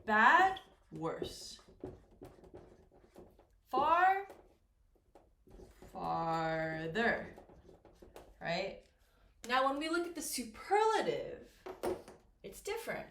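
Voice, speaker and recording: A woman teaching English grammar, explaining slowly and patiently and asking learners questions as she goes. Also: sits high, very animated, pushed and bright. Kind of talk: slow, clear classroom explanation. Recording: echoey room with faint noise.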